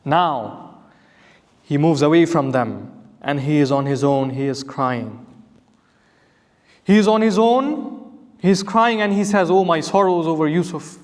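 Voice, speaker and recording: A man's voice: a little high, lively intonation, slow pace, long pauses. A man, an imam, giving an earnest Quran commentary lecture, asking rhetorical questions and reciting Arabic verses. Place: mosque hall. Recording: long hall reverb.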